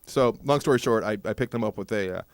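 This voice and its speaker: A man co-hosting a casual podcast, telling a long story with lots of swearing and sudden jumps in pitch. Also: quick pace, no echo, clean studio sound. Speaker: podcast co-host. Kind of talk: casual chat.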